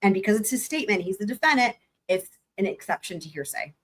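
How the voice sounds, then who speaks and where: Woman host breaking down court stuff, chatty, animated, swears a bit. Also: mid-range voice, fast, breathy edge. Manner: chatty, animated, explains points and swears casually. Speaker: livestream host. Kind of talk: casual legal commentary.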